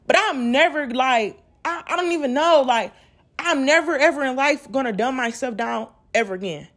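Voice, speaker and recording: A woman's voice: high-pitched, normal speed, fairly bright tone. A woman hosting a podcast, ranting casually and bluntly with lots of profanity, acting out what other people say. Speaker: podcast host. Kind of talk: casual rant.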